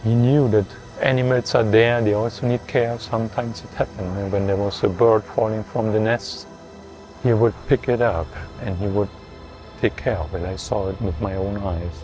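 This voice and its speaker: Low-voiced man with tag-question "no?". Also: fairly even intonation, moderate pace, a little mellow, faint music behind. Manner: keeps adding a questioning "no?" to his sentences. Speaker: disciple recalling his teacher. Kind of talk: reminiscent talk.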